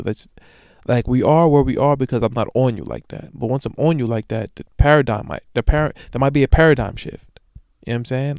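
A man's voice: mid-range voice, darkish tone, smooth, no echo, studio quality. A young man hosting a solo podcast, talking casually and profanely in slang, rambling through stories and often asking "you know what I'm saying". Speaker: podcast host.

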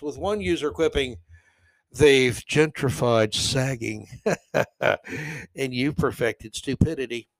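Guy doing a snarky solo podcast, kinda high voice, dead dry sound, mocks everything he reads. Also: no room sound. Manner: mocking, sarcastic asides, snorting laughs. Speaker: podcast host. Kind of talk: sarcastic solo commentary reading news.

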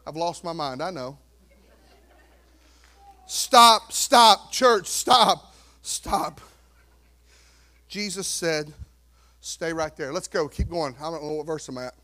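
A pastor preaching a sermon, swinging from quiet asides to loud exhortation and acting out worried churchgoers. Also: male voice, on the high side, moderate pace. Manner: acts out worried churchgoers in quoted voices.

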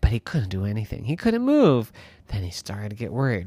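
A man's voice: fairly low pitch, dry recording. A man improvising a playful bedtime story for a child. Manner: slow, playful, animated, clears throat.

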